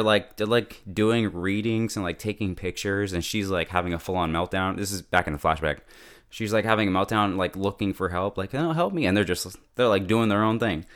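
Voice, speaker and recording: This show reviewer has a low, clean voice with a touch of brightness. His TV episode recap is casual and chatty, packed with "like" and frequent laughter.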